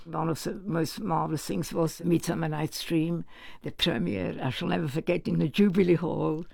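Older man with a very gravelly voice. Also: fairly high pitch, moderate pace, dry recording. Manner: warm anecdotal storytelling with quoted voices. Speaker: orchestra manager, guest. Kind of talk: reminiscing interview answers.

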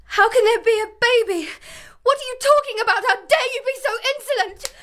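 A young woman playing a gentle, distraught young lady who pleads emotionally. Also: extremely high pitch, fairly quick. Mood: panicked.

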